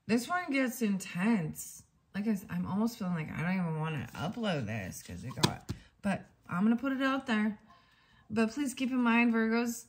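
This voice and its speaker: A woman's voice: medium pitch, big pitch swings, moderate pace, a little mellow, breathy edge. A woman giving a casual tarot reading to her viewers, chatting and thinking aloud as she reads passages from a book. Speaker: tarot reader.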